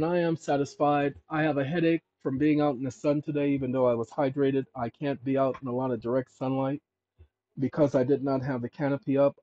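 A man hosting his own channel, walking viewers through legal paperwork on his screen in an emphatic way, often calling them "ladies and gentlemen" and checking in with "okay?". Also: medium pitch, no room sound. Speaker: channel host giving legal advice. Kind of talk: instructional screen-share talk. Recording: dull lo-fi recording.

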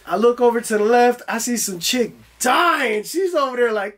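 A man's voice: very high-pitched, moderate pace, hardly any pauses, a bit bright, a little hiss or hum. A young man telling a story in a loose, profane style, acting out his own voice as he goes. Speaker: guest. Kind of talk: casual storytelling.

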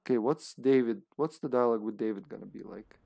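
A man with a gravelly, medium-pitched voice talks fast as he plays an online co-op game, commenting casually and live. He thinks out loud, laughs, and bursts into sudden excitement.

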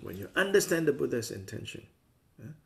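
A man's voice: medium pitch, big pitch swings, fairly quick, creaky, fairly bright tone. A man teaching a Buddhist class in a conversational way, often acting out the views he discusses with playful voices. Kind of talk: dharma class lecture.

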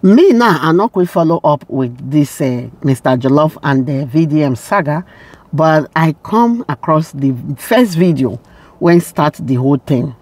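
A man's voice: fairly high pitch, expressive, a little slow, a little mellow. A Nigerian man hosting a casual commentary vlog, chatting to viewers in Pidgin. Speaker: vlogger host.

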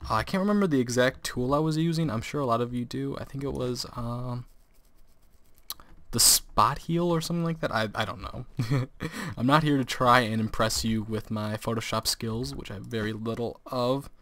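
A man's voice: mid-range voice, normal speed, fairly bright tone, no room sound. A teenage boy giving casual gameplay commentary, rambling through a story and laughing often. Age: teens.

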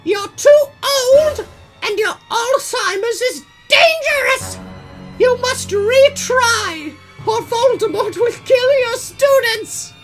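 A man voicing a shrill, scolding female school official in a screeching falsetto, read out as a comedy narration. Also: lively intonation, a bit bright, soft background music, exaggerated voice. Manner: screeching falsetto, slow and strident.

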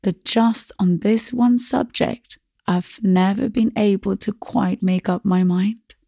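A woman's voice: mid-range voice, steady tone, slow pace, creaky, mellow, dry recording, clean studio sound. A woman reading the part of a timid, vague younger spinster sister who speaks meekly and hesitantly. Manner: meek and hesitant.

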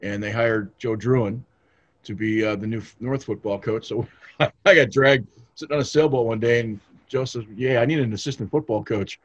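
A man's voice: mid-range voice, normal speed, dry recording. A man hosting a casual interview, chatty and rambling with restarts. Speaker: interviewer, host. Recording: dull, dry lo-fi sound.

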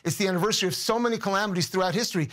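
A man's voice: high-pitched, rapid-fire, a bit bright. A man speaking as a guest commentator in a news interview, earnest and emotional, often repeating words as he searches for them.

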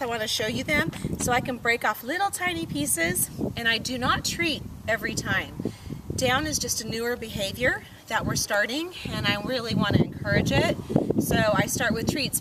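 A woman dog trainer giving a training demonstration, praising the dog in a high sing-song voice and calmly explaining each step to viewers. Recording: distant outdoor mic with loud background noise.

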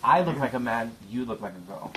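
A man's voice: mid-range voice, animated, fairly quick, crowd noise, rough recording. Sassy taunting young man. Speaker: prank caller. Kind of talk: prank call banter.

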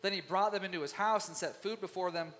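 A man preaching with a high, bright voice that carries through a long hall reverb. He is animated and talks to the congregation the way one talks to friends, and he acts out the voices of biblical figures. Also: fast. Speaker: pastor. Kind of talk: sermon. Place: church sanctuary.

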